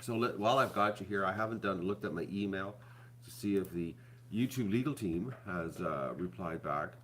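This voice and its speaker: A man's voice: low voice, moderate pace, a bit bright, a little hiss or hum. A middle-aged man, chatting casually to viewers at home, rambling and repeating himself. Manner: addresses viewers as folks. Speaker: vlog host.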